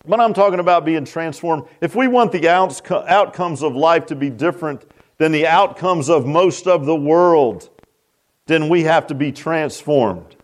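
A man's voice: fairly high pitch, unhurried. A middle-aged man preaching a sermon, emphatic and folksy, with many fillers. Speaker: pastor.

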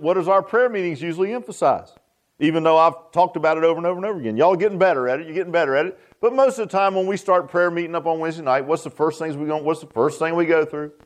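A man preaching a sermon, folksy and joking, often asking the congregation questions. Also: fairly high pitch. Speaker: pastor.

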